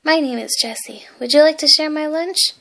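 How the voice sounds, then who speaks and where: A woman's voice: high voice, moderate pace, creaky, fairly bright tone, pitched above the performer's own voice. A woman voicing a sweet, friendly little girl while reading a storybook aloud, eager and kind.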